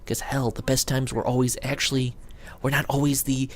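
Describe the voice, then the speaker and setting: Man, casual video blog, rambling, excitable, mid pitch. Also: normal speed. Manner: rambling, excited, acts out quoted friends. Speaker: video blogger. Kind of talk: casual monologue to camera.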